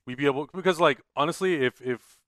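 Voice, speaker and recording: A man hosts a live podcast, talking quickly and rambling with enthusiasm. His voice is slightly high, and the sound is dry and close to the mic. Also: a bit bright, no echo. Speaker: podcast host. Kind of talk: casual live-stream chat. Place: Los Angeles.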